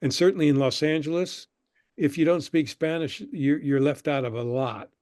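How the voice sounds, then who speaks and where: An older man recounts his story in an easygoing, anecdotal way. His voice sits a bit high but sounds mellow and warm. The recording is close and dry, with no room around it. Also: moderate pace, no echo. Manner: relaxed anecdotal storytelling, acting out the people he quotes. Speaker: guest, screenwriter and professor. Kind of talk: conversational interview storytelling.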